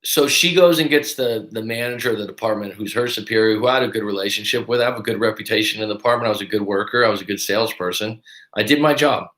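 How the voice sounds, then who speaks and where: A man coaching people through breakups tells a personal story in a casual, animated way and acts out what others said. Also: on the low side, quick pace. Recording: roomy echo.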